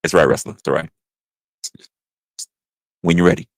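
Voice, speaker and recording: A man voicing a calm support-group leader who gently coaxes a member to speak, in a comedic livestream skit. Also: low-pitched, no room sound, clean studio sound, voice pushed down. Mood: soothing. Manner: slow, reassuring, coaxing.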